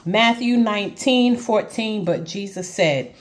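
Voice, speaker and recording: A woman's voice: mid-range voice, lively intonation, normal speed. A woman telling viewers a personal story in an emotional storytime monologue, earnest and speaking straight to them.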